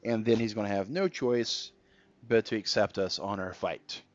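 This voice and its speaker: Chatty low-voiced male game streamer. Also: normal speed. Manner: chatty, reads out viewer comments. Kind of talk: casual gameplay commentary. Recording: dull lo-fi stream audio with faint music.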